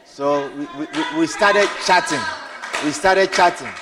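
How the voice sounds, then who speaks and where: A man preaching a sermon, swinging from hushed storytelling to shouted exclamations, repeating words and adding hallelujah and amen. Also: fairly high pitch, unhurried, crowd noise. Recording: long hall reverb.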